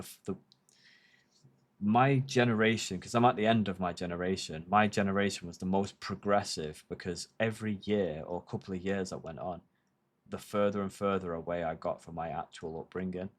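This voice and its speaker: Deep-voiced man rambling casually. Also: steady tone, a little fast. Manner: rambling, heavy swearing, reflective. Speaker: livestreamer. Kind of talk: casual chat on a livestream.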